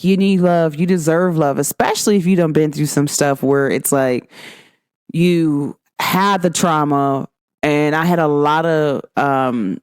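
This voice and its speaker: Animated Cincinnati woman host, dry sound. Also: clear, resonant tone, no room sound. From Cincinnati, Ohio. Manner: animated, swings up in pitch when quoting friends; chatty, many "like" fillers and slang. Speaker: podcast host. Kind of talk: casual spiritual monologue.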